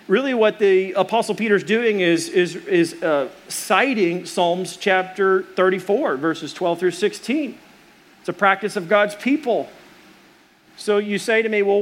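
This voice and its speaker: A man's voice: sits high, a bit bright. A middle-aged man preaching a sermon, earnest and storytelling, with restarts and fillers. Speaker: pastor.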